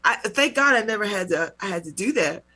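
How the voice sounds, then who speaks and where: Animated bright-voiced woman telling a story. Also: medium pitch, brisk. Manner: animated, laughing, mock-indignant retellings. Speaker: radio talk show host. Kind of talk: casual storytelling.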